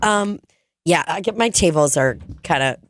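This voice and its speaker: A woman's voice: lowish voice, animated, normal speed, a little hiss or hum. Profane storytelling woman podcast co-host. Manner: profane, storytelling, laughs often. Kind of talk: casual comedic chat.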